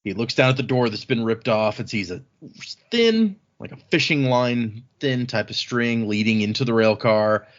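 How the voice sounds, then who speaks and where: Animated man recapping a story, lo-fi. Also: mid-range voice, moderate pace. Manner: rambling, animated retelling with frequent restarts. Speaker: podcast host recapping chapters. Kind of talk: casual chat. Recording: slightly dull lo-fi sound.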